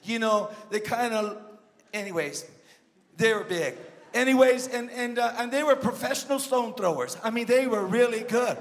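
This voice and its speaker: A man preaching a sermon as a guest pastor, swinging from emphatic shouts to low joking asides to the congregation. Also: normal speed. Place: church sanctuary. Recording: long church reverb.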